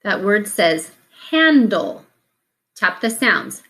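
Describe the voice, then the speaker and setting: A woman's voice: mid-range voice, lively intonation, unhurried, a bit bright. A woman teaching a phonics lesson, patiently sounding out letters one at a time and breaking words into syllables.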